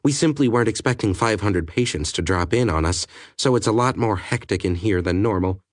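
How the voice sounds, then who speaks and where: A man's voice: fairly low pitch, no room sound, clean studio sound, close to an everyday voice. A male narrator voicing a blunt, cheerful ship's doctor in an audiobook. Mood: matter-of-fact. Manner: brusque then quick and apologetic.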